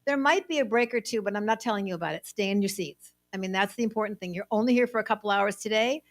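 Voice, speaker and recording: A woman co-hosting a live conference, bubbly and excited as she addresses the room. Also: medium pitch, fast talker. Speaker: co-host. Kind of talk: live event emcee talk.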